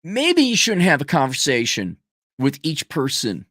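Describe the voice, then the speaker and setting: A man's voice: on the high side, wildly swooping pitch, a little slow, fairly bright tone, dry recording, clean studio sound. A man giving a casual, blunt, profane rant in a sarcastic tone. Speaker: commentator. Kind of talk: casual ranting monologue.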